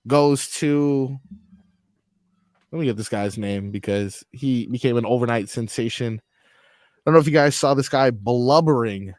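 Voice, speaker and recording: A man co-hosting sports radio, measured and wry in casual banter. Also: mid-range voice, darkish tone, dry recording, clean studio sound.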